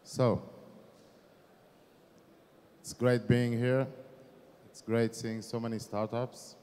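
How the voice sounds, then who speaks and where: A mellow-voiced Israeli man in his forties speaks from a conference stage, his words ringing with a long hall reverb. He talks in a loose, self-deprecating way, pausing on fillers. His pitch sits in an ordinary middle range. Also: level tone, clean tone. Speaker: startup founder giving a conference talk. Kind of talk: conference keynote talk.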